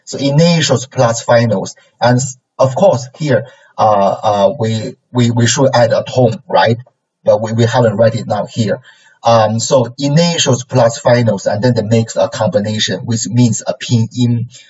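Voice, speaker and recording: A man, lecturing a language class in a halting way, full of fillers and repeated phrases, often checking in with "okay?" and "right?". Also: mid-range voice, darkish tone, husky. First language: Chinese. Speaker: Chinese language teacher. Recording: distant mic, dull lo-fi sound.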